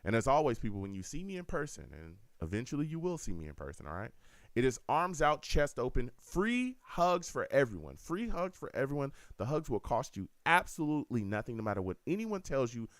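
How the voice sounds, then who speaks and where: A man's voice: mid-range voice, a little fast, no echo, studio quality. A man hosting a fan call-in radio show, talking casually and repeating himself as he speaks straight to listeners. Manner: animated, repetitive, addresses listeners directly.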